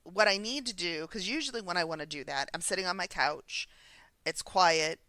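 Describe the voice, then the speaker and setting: This woman has a bright, crisp voice with a fairly low pitch. She chats casually on a podcast, thinking aloud through her own everyday stories, and the sound is dry and close. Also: moderate pace, no echo. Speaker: podcast co-host. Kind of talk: casual recovery podcast chat.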